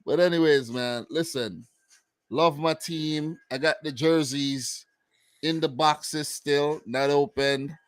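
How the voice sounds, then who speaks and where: A man's voice: on the high side, takes it slowly, no echo. A man from Saint Vincent with a Vincentian accent, co-hosting a casual football chat in a laid-back, slangy way. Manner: laid-back, slangy, slips into island dialect. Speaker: co-host.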